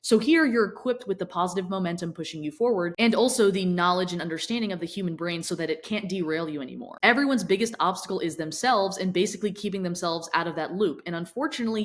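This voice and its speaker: A woman coach giving a blunt, tough-love motivational talk straight to camera, swearing often. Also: fairly low pitch. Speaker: fitness and mindset coach.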